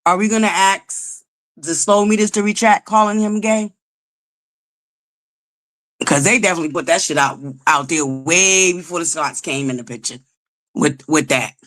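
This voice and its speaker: A woman's voice: fairly low pitch, normal speed, long pauses, fairly bright tone. A woman hosting a live stream, chatty and swearing freely as she talks to her viewers. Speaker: livestream host. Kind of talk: casual live-stream chat.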